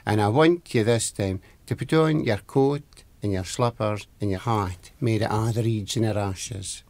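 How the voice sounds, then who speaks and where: A Scottish storyteller putting on a wee fairy man from an old folk tale, who drops lower to chant his spells in a measured, incantatory way. The voice is dry and close, with an Aberdeen lilt. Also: a little mellow, no echo. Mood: coaxing. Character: wee male fairy man, magical, bossy helper.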